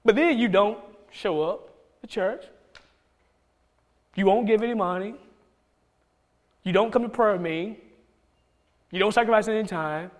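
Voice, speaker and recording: A man pastor preaching a conversational sermon to his church, with many restarts and bursts of excitement. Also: sits high, measured pace, long pauses, big-room sound. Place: church sanctuary.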